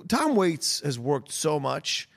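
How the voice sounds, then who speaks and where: A joking male podcast co-host with a gravelly edge to his voice. His pitch swings lively as he banters in casual chat. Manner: joking, quick reactions.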